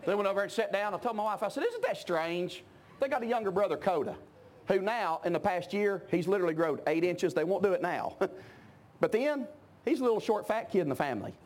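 A middle-aged man preaching a sermon, emphatic and shouting at his peaks. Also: high-pitched, animated, fairly quick. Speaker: pastor.

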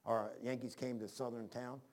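A man's voice: mid-range voice, little pitch movement, moderate pace, a little mellow, slight background noise. A man preaching a sermon in a homespun, rambling way, telling personal stories, often restarting his sentences and reading scripture in old-fashioned wording.

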